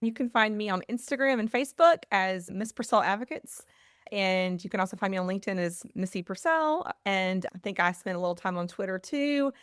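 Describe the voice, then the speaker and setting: A woman's voice: mid-range voice, brisk, clear, resonant tone, no room sound, clean studio sound. A woman from the American South with a Southern accent, chatting as a podcast guest and laughing easily. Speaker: literacy advocate, guest. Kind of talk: casual podcast chat.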